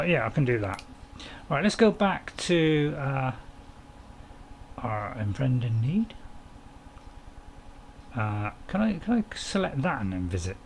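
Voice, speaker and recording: Here a man with a medium-pitched voice rambles through casual commentary on a farming game, chatting with his stream viewers and poking fun at himself. There's a little hiss or hum in the audio.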